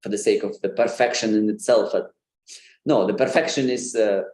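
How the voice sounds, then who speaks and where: A man's voice: lowish voice, steady tone, moderate pace, darkish tone, reverberant. A man giving an informal online lesson on pronunciation, with many fillers and light laughs. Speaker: Sanskrit pronunciation presenter.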